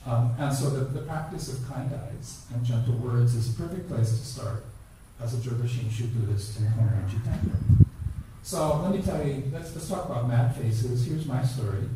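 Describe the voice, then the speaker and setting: Heard from a distance in an echoey temple hall with background noise, an older dharma speaker tells stories and adds playful asides. His voice is medium-pitched and his pace moderate.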